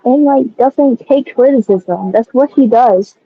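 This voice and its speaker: A woman's voice: a little high, a little slow, no room sound. A woman joining a livestream over a call, scolding someone and backing up the host. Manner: scolding, chiming in to back the host. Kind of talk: casual livestream chat. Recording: tinny phone-like call audio.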